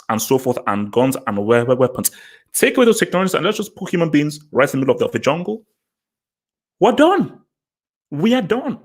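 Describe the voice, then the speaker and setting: A man chatting casually on his own livestream at a middle, ordinary pitch. He rambles and repeats himself, and his voice leaps sharply upward whenever he drives home a point. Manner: animated and rambling, repeats words, jumps in pitch for emphasis. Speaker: livestream host.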